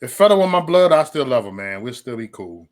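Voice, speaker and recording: A man hosting a casual livestream, joking loudly and cursing, breaking into laughter often. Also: medium pitch, sing-song, a little fast. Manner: loud, joking, profane banter with frequent laughs. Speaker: live stream host.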